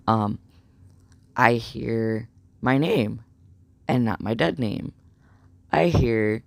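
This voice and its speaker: A young man telling a story in a casual vlog, rambling and excitable with lots of fillers. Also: medium pitch, slow pace, creaky, dry recording. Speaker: vlogger.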